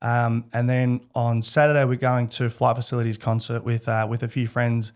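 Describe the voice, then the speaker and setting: A man's voice: mid-range voice, little pitch movement, moderate pace, darkish tone, clear, resonant tone. A man in his thirties with an Australian accent, a podcast guest talking candidly and rambling, with many restarts. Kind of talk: casual interview chat.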